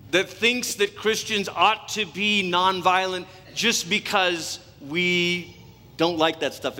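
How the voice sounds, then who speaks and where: A middle-aged man preaching a sermon as pastor, telling stories animatedly and acting out quotes. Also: sits high. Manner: animated storytelling with acted-out quotes and laughs. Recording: long hall reverb.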